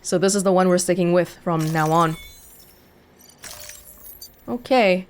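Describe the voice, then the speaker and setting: A woman's voice: fairly low pitch, a little slow, a little mellow, slight background noise. A woman casually commenting while playing a video game, chatty and thinking aloud. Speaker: let's play host.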